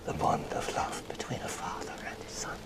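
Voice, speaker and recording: An actor playing a grave, bitter medieval man in a film scene, speaking in a gravelly whisper. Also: a little fast, close to an everyday voice. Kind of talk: film dialogue. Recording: film clip over loud score.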